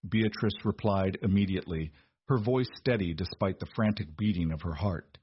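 Male narrator, measured audiobook reading, husky voice, dull dry recording. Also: sits low, no echo.

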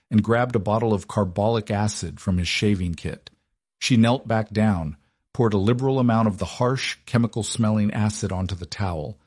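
Low husky guy narrating a story, steady and dramatic, dry close sound. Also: no room sound.

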